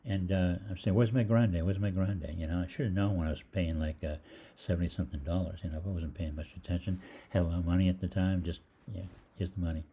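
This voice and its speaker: Speaking quickly in a low, slightly rough voice, this older man wanders through a humorous story from his own life. He's a holistic doctor and storyteller, and he performs both parts of the dialogue in a lively, casual monologue.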